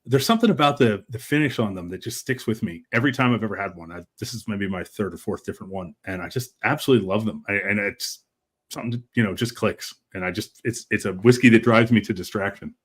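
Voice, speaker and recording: A man's voice: on the low side, fast talker, a bit bright, slightly rough. A man hosting a casual live show, chatting enthusiastically and telling stories. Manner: enthusiastic storyteller, laughs easily. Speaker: host. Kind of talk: casual chat.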